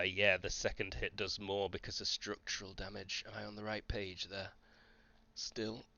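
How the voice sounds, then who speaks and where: A man's voice: on the low side, pushed and bright, dry recording, dull audio. A man acting as game master of a tabletop game, explaining rules casually. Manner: casual, rules-focused, swears.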